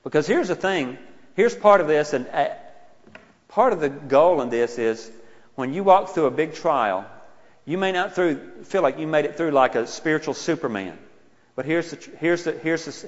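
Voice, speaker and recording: Preaching man in an echoey hall. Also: medium pitch. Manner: conversational preaching, rising to loud emphatic retellings. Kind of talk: sermon. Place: church sanctuary. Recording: dull, reverberant hall sound.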